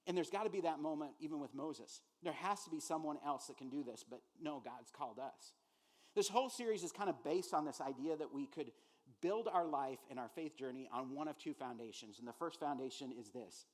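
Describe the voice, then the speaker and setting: A man preaching a sermon as pastor, animated and conversational, acting out quoted voices and using many fillers. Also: fairly high pitch, brisk.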